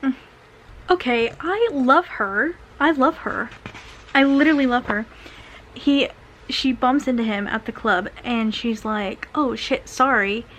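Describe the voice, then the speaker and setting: A woman's voice: high-pitched, measured pace, a bit bright, slight background noise, rough recording. A young woman chatting through a casual read-along book review, filler-heavy and full of sarcastic asides.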